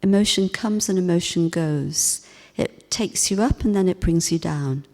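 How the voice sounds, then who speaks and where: A woman gives a spiritual talk in a low, mellow voice, unhurried and reflective. Her gentle, softly emphatic delivery carries a long reverb from a hall. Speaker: spiritual teacher.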